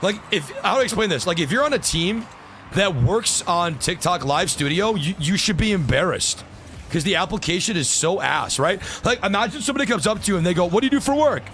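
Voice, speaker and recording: Brief: young male streamer, a bit high-pitched, frustrated ranting, heavy swearing. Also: expressive, fairly quick, a bit bright, a little hiss or hum. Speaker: game streamer. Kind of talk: live gameplay stream chat.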